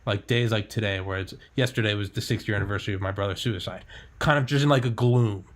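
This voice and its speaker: A man's voice: on the low side, quick pace, noisy background. A young man hosting a casual podcast chat, talking candidly, swearing freely and acting out his own thoughts. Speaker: podcast host.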